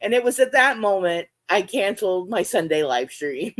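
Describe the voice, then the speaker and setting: A woman, hosting her aquarium vlog and chatting casually, laughing often and jumping into high-pitched reenactments of her own reactions. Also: expressive, normal speed. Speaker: aquarium channel host. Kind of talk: casual chat to livestream viewers.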